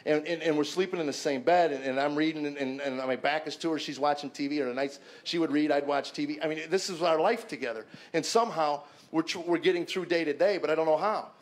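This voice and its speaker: A man's voice: fairly high pitch, quick pace, few pauses. Earnest middle-aged man telling his story. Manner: earnest, conversational, with frequent restarts and repeated words. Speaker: comedian giving a personal testimony. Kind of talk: personal storytelling to an audience.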